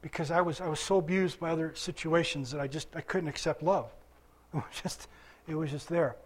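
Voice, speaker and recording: An older man preaching in a high, light voice, chatting with his congregation and quizzing them between verses. He is still recovering from illness, and his talk moves from soft asides to stretched, emphatic lines. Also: fairly quick. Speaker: pastor. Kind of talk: sermon.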